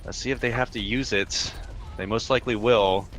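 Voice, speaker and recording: A man giving fast live play-by-play commentary on an esports match in clipped phrases. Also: fairly low pitch, steady tone, fairly bright tone. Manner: rapid play-by-play, clipped phrases, quick restarts.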